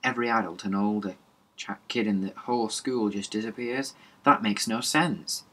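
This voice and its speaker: A man's voice: fairly low pitch, normal speed, fairly bright tone. A man voicing an anxious, surfer-talking teenage boy who snaps blunt retorts. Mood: snappish.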